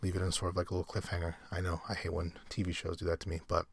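Deep, husky man reading a story aloud. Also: completely flat delivery, no echo. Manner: plain, unhurried reading with small slips and self-corrections. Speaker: amateur story reader.

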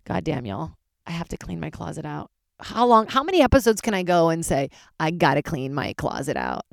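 A woman stand-up comedian hosting her own podcast, rambling casually, swearing freely and jumping wildly in pitch. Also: brisk, gravelly, no room sound, clean studio sound. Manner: animated, swears freely, big jumps in pitch.

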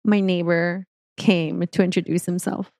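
A woman's voice: on the low side, little pitch movement, measured pace, vocal fry, a little mellow, dry recording, clean studio sound. A woman co-hosting a podcast in casual chat, playful and joking, laughing along with her co-host.

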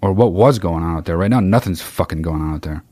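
A man's voice: low voice, quick pace, warm tone, no echo, clean studio sound. A man hosting a podcast in a rambling, sarcastic comedic monologue, swearing constantly. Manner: sings mock-solemn snatches of songs. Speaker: podcast host.

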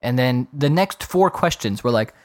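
A male podcast host on a fed-up, swearing rant, voice sitting at an ordinary middle pitch. He talks casually and mocks others in quick put-on voices. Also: animated.

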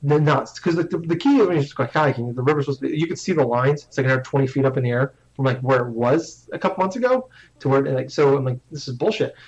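A man's voice: medium pitch, fast, a little mellow. A young man telling a long, rambling story in casual chat, swearing often, mocking himself and restarting his sentences. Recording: slightly dull lo-fi audio.

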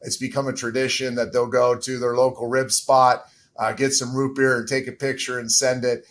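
A man's voice: mid-range voice, level tone, brisk, fairly bright tone. A middle-aged man speaking as an interview guest, candid and reflective, his voice catching with emotion at times. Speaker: interview guest, former quarterback.

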